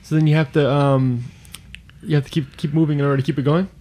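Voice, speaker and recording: A man's voice: on the high side, steady tone, fast, mellow. A man co-hosting a podcast in casual chat, rambling and trailing off, laughing often. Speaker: podcast co-host.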